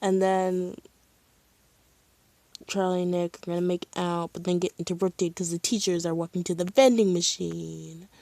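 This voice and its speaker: A woman streaming live, chatting casually and excitedly as a fan, with lots of "like" and "um". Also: fairly low pitch, moderate pace, vocal fry, dry recording. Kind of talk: casual chat.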